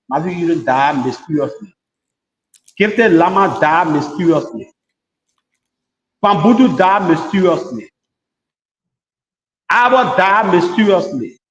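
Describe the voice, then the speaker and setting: A man speaking as a guest, insistently defending his own statement. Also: high-pitched. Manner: insistent, repetitive. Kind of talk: defending himself on a talk show. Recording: roomy reverb, dull lo-fi audio.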